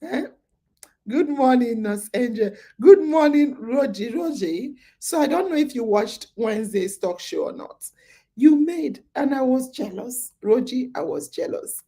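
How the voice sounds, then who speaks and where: A woman's voice: on the high side, lively intonation, measured pace, dark tone. A woman hosting a casual podcast chat. She sounds sleepy and tells a long story, repeating her phrases with lots of fillers. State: sleepy, yawning. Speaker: podcast host. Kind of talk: casual live-stream chat.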